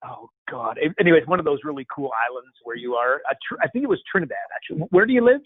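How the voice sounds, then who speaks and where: A man's voice: a little high, big pitch swings, quick pace, no room sound. A man hosting a casual Q&A call, playful and rambling, joking with callers. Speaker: host. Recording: tinny phone-like line, dry.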